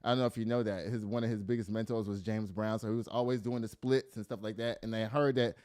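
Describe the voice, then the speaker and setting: A man's voice: on the low side, fast talker, clean tone, dry recording, clean studio sound. A middle-aged man hosting casual news commentary, reading stories aloud and riffing with laughter. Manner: animated, laughing, reads stories aloud then riffs.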